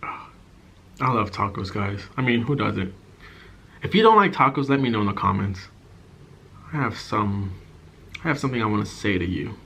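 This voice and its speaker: A man's voice: lowish voice, animated, normal speed, vocal fry, pauses often, sharp tone, breathy edge. A man chatting casually while eating in his apartment, candid and loose, trailing off between bites. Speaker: ASMR and vlog creator. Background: faint outside noise of passing cars.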